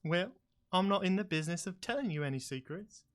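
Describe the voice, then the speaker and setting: A man's voice: high-pitched, animated, fairly quick, a bit bright, voice pushed up. A man voicing a surly, stubborn male goblin guard who makes blunt, slangy threats. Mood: dismissive.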